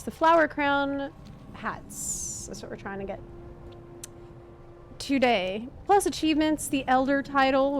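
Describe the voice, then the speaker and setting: A woman streaming a video game, chatting casually and reacting expressively. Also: on the high side. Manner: chatty, expressive, easily moved. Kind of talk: casual live-stream chat while playing.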